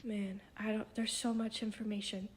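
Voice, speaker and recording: A self-described psychic woman, tearful and shaken, talking in a halting, half-whispered voice in an emotional spiritual vlog. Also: mid-range voice, flat delivery.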